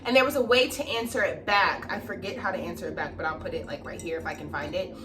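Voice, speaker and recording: A young woman casually telling a story to camera, animated and swearing freely as she acts out the people in it. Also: fairly low pitch, fast, far from the mic, a crowd in the background.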